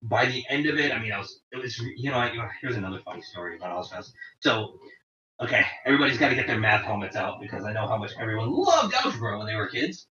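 A man in his forties casually telling rambling, profane stories about touring, with animated quoting. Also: on the low side, quick pace. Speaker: guest telling tour stories. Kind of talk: casual storytelling chat. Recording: roomy, distant, dull lo-fi sound.

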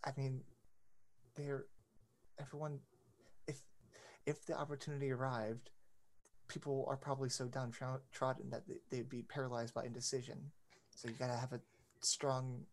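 A man's voice: mid-range voice, little pitch movement. Hesitant man running a tabletop game. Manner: halting, filler-heavy narration. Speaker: game master.

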